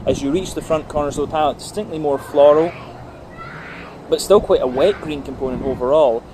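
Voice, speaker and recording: On a brewery visit, a man with a voice on the high side gives a casual, methodical beer tasting review at a brisk pace. He works through the flavours layer by layer, with plenty of ums and uhs, against a noisy background.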